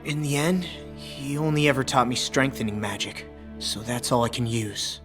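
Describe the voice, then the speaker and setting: A man's voice: medium pitch, moderate pace, a bit bright, close to an everyday voice. An actor voicing a stubborn, good-natured teenage boy who is a novice mage in an anime dub, plain-spoken and sincere. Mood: reflective. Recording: studio dub with music behind.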